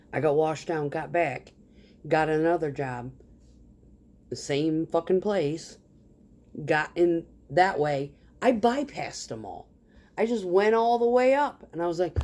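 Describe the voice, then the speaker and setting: A woman's voice: fairly low pitch, expressive, unhurried, a little mellow. Blunt, cussing woman ranting about work. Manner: profane, blunt storytelling; acts out others' lines in quoted dialogue. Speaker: concrete truck driver. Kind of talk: casual work rant.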